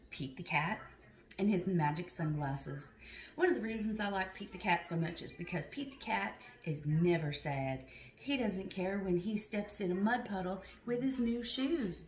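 Woman, preschool teacher, storytime read-aloud, unhurried and encouraging. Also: medium pitch. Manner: slow, questioning, encouraging. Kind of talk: reading a picture book to young children.

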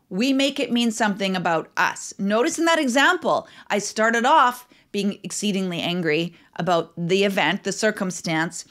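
A woman's voice: medium pitch, fairly bright tone. A middle-aged woman hosting a parenting podcast, talking earnestly and acting out her own racing thoughts. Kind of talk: solo podcast talk.

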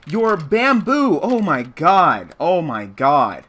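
A man's voice: on the high side, wildly swooping pitch, slow pace, fairly bright tone. A man commentating a card game he is playing, swearing nonstop and raging at his luck. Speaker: gameplay commentator.

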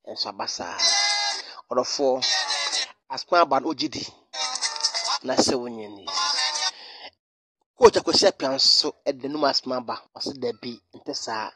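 A man presenting online news commentary, animated and repeating phrases for emphasis. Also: mid-range voice. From Ghana.

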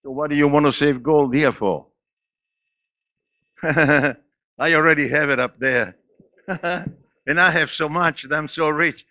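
A man in his eighties with a foreign accent preaches a sermon, and his voice is bright and forceful. It sits a little high and sounds dry and close. He laughs now and then and swings between loud and quiet. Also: unhurried, long pauses, no echo. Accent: non-native English. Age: 80s. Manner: preaching with laughs and sudden swings in pitch and loudness. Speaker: pastor. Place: church.

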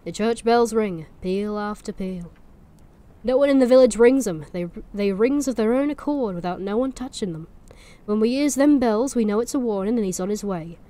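A woman's voice: medium pitch, lively intonation, moderate pace, mellow, close to an everyday voice. A woman voicing an uneasy male farm labourer with a broad Norfolk accent, earnestly warning strangers off.

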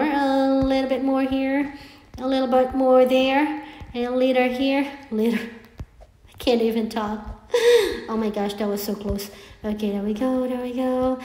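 A woman giving chatty, excitable commentary while playing a game, talking to herself and her viewers. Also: fairly high pitch. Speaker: gameplay streamer. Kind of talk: live gameplay commentary. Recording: echoey room with long reverb.

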